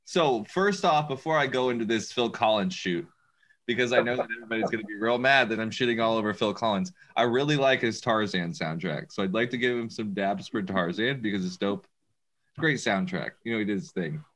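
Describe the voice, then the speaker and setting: A man's voice: on the low side, a little fast, a bit bright. A man co-hosting a podcast in a casual, profane, joking chat. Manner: profane, joking, does silly voices. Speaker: podcast co-host.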